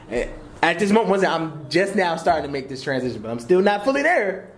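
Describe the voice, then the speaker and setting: A young man in his twenties teaching a church class, conversational and animated, slipping into casual slang. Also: a little high, fairly quick. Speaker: Bible teacher.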